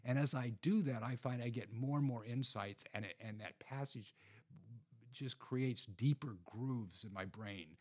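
A man's voice: mid-range voice, measured pace, darkish tone. A man talking through practical faith habits in an earnest, conversational way, often restarting and repeating words. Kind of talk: casual conversational teaching.

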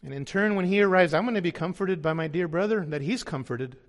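High-voiced male pastor preaching. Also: fast talker. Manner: emphatic, asks the audience questions. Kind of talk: sermon. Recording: long hall reverb.

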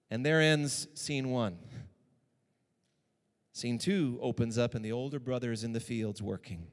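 Animated preacher in an echoing hall. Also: male voice, mid-range voice, a little slow. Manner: animated, repeats lines for emphasis. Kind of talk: sermon.

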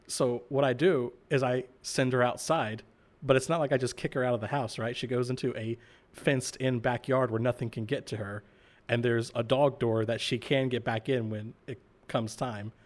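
A man's voice: mid-range voice, fairly even intonation, normal speed. Casual man with everyday examples. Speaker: podcast co-host. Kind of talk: casual religious podcast discussion.

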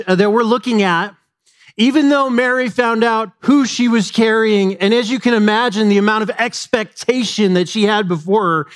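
A man in his thirties preaching a sermon, telling a personal story in a conversational way and speaking directly to the congregation. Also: sits high. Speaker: pastor.

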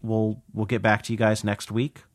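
A man's voice: lowish voice, monotone, moderate pace, dry recording, clean studio sound. A man co-hosting a podcast in casual chat, laid-back and hesitant, with many fillers. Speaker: podcast co-host.

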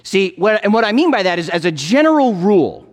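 A man's voice: high-pitched, big pitch swings, brisk. A male pastor and father giving a chatty, joking sermon with a storytelling manner. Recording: long church reverb.

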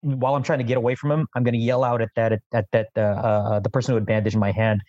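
A man's voice: mid-range voice, level tone, quick pace, hardly any pauses, dark tone, dry recording, lo-fi sound. A man with a mid-range voice plays a tabletop game, thinking aloud and often restarting his sentences. His talk is casual and hesitant. The recording is dry and close to the mic. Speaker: player.

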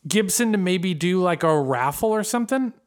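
Casting: man, slightly high voice, loose animated podcast storyteller who swears a lot. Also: normal speed, slight background noise. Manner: animated storyteller, swears freely, trails off and restarts. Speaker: podcast co-host. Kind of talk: casual chat.

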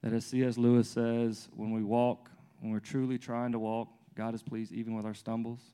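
Smooth and medium in pitch, this preacher in his thirties moves at a moderate pace through a chatty sermon built on personal stories. He restarts often, uses plenty of fillers, and vividly plays out his toddler and himself.

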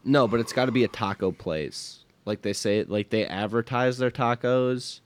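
A man's voice: mid-range voice, moderate pace. A young man from Wisconsin hosting a podcast in casual chat, laid-back and jokey. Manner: laid-back, jokey, says "dude" a lot. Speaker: podcast host.

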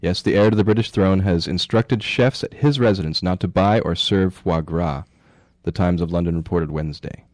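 A man's voice: low voice, normal speed, few pauses, darkish tone, no room sound. A man co-hosting a radio show, joking and laughing as he reads out news stories. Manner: jokey, laughs often, reads news items aloud. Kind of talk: casual radio banter.

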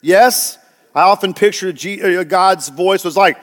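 High-voiced preaching man, emphatic. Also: steady tone, normal speed, a bit bright, big-room sound. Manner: emphatic, asks the congregation rhetorical questions. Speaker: pastor. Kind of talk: sermon.

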